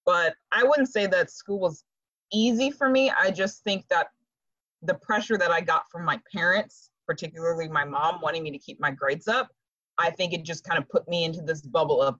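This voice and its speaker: A woman's voice: fairly low pitch, moderate pace, dry recording, lo-fi sound. A woman in her thirties chatting as a guest, telling stories with frequent laughter. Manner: laughs often, animated storytelling. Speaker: podcast guest. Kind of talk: casual chat.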